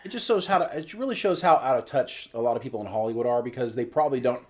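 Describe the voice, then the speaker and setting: A man co-hosting a relaxed pop culture podcast. He gives his opinions with energy in casual, conversational speech. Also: medium pitch, very fast. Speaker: podcast co-host.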